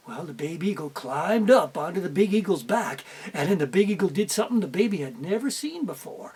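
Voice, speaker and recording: Folksy male storyteller, husky tone, very animated delivery. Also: high voice, brisk, hardly any pauses. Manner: animated, folksy, makes sound effects. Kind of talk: oral storytelling.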